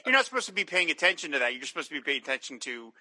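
Podcast co-host, male, high and very bright voice, lively, acts out quoted lines. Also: rapid-fire. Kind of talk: casual chat about a TV episode.

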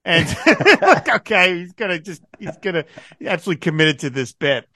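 A man's voice: fairly high pitch, a little fast, bright, forceful tone, no echo, studio quality. A man hosting a podcast in casual chat, laughing often and reading out quotes. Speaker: podcast host.

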